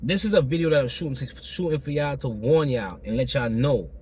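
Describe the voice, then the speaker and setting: A man with a hoarse, still-recovering throat tells a personal story to camera in a loose, slangy way, repeating himself and acting out the exchanges. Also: medium pitch, brisk, a little mellow, a little hiss or hum. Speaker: vlogger telling a personal story.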